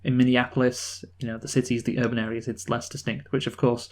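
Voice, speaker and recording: A man's voice: medium pitch, little pitch movement. Man, casual film review co-host, rambling delivery with frequent restarts. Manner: rambling, many restarts, quick laughs. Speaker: podcast co-host.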